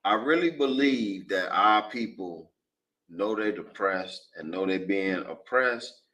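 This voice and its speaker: A man's voice: low-pitched, animated, slow, bright, forceful tone, recorded from a distance, rough recording. A man in a class discussion, adding to the main speaker's point in a casual way. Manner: agreeing, building on the speaker's point. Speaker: class participant.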